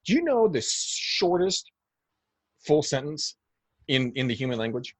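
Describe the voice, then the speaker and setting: A man's voice: on the high side, sing-song, unhurried, no room sound. A man from the United States, a guest on a podcast, talking in a blunt, emphatic and snarky way, often repeating words. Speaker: guest real estate agent. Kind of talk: podcast interview.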